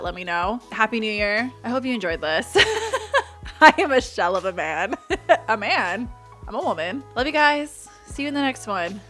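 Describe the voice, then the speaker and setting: A woman's voice: mid-range voice, sharp tone. A woman giving casual, emotional movie reaction commentary, gushing and laughing often. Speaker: reaction YouTuber.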